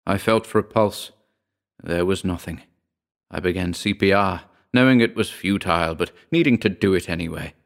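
A man reading a horror short story aloud in a measured, grave storytelling manner. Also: low voice, creaky. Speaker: narrator. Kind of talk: scripted horror narration.

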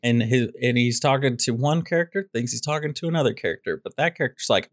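A man's voice: mid-range voice, lively intonation, fairly quick, few pauses, no room sound, clean studio sound. A man co-hosting a casual movie podcast, ranting with sarcasm about a show he disliked. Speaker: podcast co-host.

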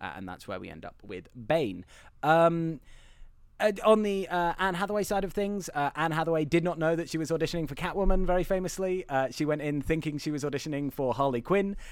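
A man's voice: fairly high pitch, expressive, fairly quick, clean tone, dry recording, clean studio sound. A man co-hosting a casual film podcast, talking with many ums and restarts. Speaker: podcast co-host.

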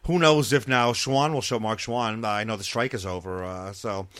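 A man's voice: lowish voice, normal speed, a bit bright, no room sound. A man chatting casually on a wrestling podcast, rambling with lots of fillers and restarts. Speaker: wrestling promotion governor.

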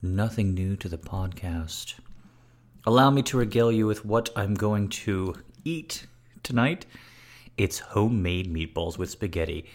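Deep-voiced playful male podcast host. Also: lively intonation, unhurried. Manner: wry, playful and flirty. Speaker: podcast host answering listener questions. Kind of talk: casual chat.

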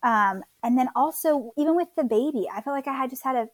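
A woman's voice: high-pitched, animated, fast, dry recording. A woman in her thirties from Florida casually telling her birth story as a guest, chatty with many fillers.

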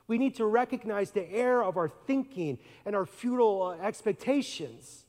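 With a very high, slightly mellow voice, the pastor speaks at a normal speed and rarely pauses. He preaches in a conversational style, questioning his listeners and acting out voices, while a large hall's long reverb surrounds him.

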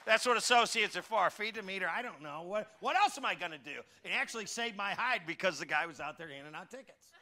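A high, very bright and forceful male voice delivering a sermon. He tells stories with comic timing, jumping from loud exclamations down to mumbled asides. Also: fast talker, hardly any pauses, a faint crowd. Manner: animated, jokey, swings between shouting and muttering asides. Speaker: pastor. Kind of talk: storytelling sermon.

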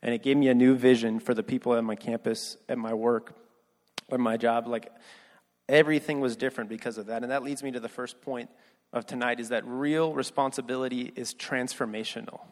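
A young man preaching, telling a personal story with earnest, quiet delivery that rises for emphasis. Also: mid-range voice, steady tone, fairly quick. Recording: long hall reverb.

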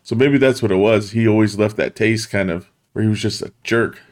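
A man's voice: on the low side, fairly quick, background noise. A man co-hosting a film podcast, chatting in a laid-back, slangy way. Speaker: podcast co-host. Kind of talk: casual film chat.

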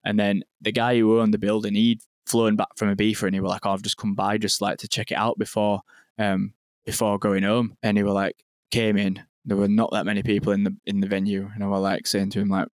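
A young man tells a story in quick, rambling podcast chat, full of "like" and swearing. His voice sits low and barely moves in pitch. The sound is dry and close. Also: monotone, no room sound. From England. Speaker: podcast guest, venue owner.

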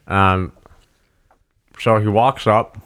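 A man's voice: lowish voice, fairly even intonation, extremely slow, fairly bright tone. A man in his thirties telling a long personal story in casual chat. He rambles with lots of fillers and swears freely. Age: 30s.

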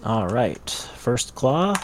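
A man at a tabletop game who jokes in mock outrage during casual play. His voice sits at a middle pitch and sounds plain. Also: very animated, drawn-out words. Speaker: player.

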